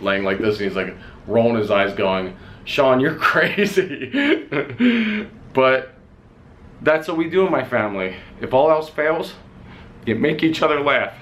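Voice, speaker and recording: A man with a fairly low voice speaks to camera in a candid, rambling way and swears casually. He tells a personal family story in an unpolished vlog style, with a faint hum of noise behind him. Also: fairly bright tone. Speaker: vlogger.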